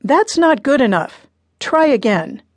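A woman's voice: high-pitched, sing-song, unhurried, a little mellow, no echo, voice pushed up, full character voice. A woman narrator voicing a stern, firm middle-aged father in an audiobook, speaking insistently. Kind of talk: audiobook character reading.

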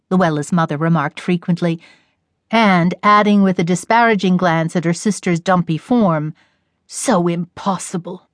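A woman's voice: fairly low pitch, no echo. Woman reading an audiobook, dry sound. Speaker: audiobook narrator. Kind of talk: scripted audiobook narration.

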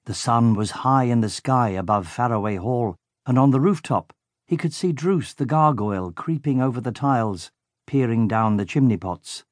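A man narrating a children's audiobook in a lively, expressive way. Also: mid-range voice, moderate pace, no room sound, clean studio sound.

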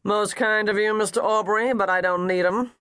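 A man voicing a gruff, blunt, wealthy older father with a growling voice. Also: high voice, steady tone, moderate pace, bright, forceful tone, no echo, studio quality, pitched above the performer's own voice.

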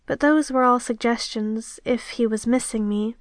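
A woman's voice: on the high side, steady tone, moderate pace, hardly any pauses, dry recording. Close, dry-voiced female audiobook narrator. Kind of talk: first-person romance narration.

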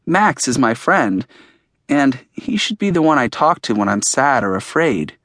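A man's voice: medium pitch, big pitch swings, measured pace, a bit bright, no room sound, studio quality. A man narrating an audiobook in the first person, in a plain, earnest storytelling manner.

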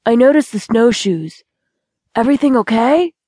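A woman reading an audiobook voices a relaxed young male snowboarder with an easygoing, friendly manner. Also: a little high, moderate pace, no echo, clean studio sound. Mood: curious.

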